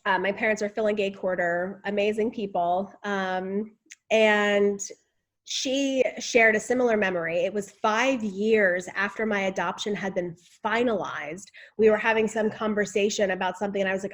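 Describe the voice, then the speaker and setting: A woman guest in a casual interview, talking in an animated, expressive way about family life. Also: medium pitch, normal speed. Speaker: guest, author and speaker.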